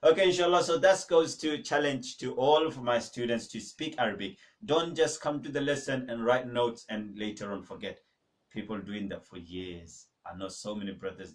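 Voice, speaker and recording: Man drilling Arabic words, a bit distant. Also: on the low side. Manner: drills words slowly, makes students repeat; emphatic, exhorting. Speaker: Arabic teacher. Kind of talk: online language lesson. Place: mosque teaching room. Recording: voice a little far from the mic.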